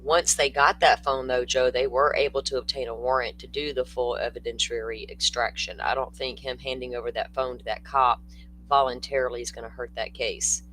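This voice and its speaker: An older man hosts a casual true-crime livestream, answering chat comments in a chatty, blunt way. His bright, forceful voice sits at a middling pitch with fairly even intonation and a fairly quick pace, over a rough recording with a faint hum.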